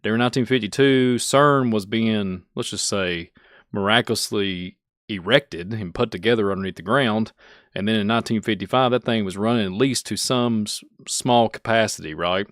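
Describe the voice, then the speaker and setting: A man's voice: lowish voice, normal speed, no room sound. Kentucky-accented male host, rambling rant, dry close sound. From Kentucky, USA. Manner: rambling, self-mocking, laughing asides. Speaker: channel host. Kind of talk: casual ranting commentary.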